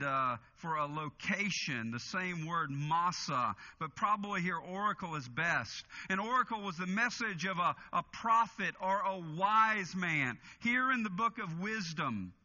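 A man with a high, very bright, piercing voice delivers an expository sermon in an earnest way, leaning on key phrases by slowing down. The sound is a little dull and lo-fi. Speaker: pastor.

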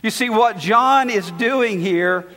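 A man preaching a sermon, stressing and repeating key words with dramatic pauses. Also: high voice, sharp tone, big-room sound.

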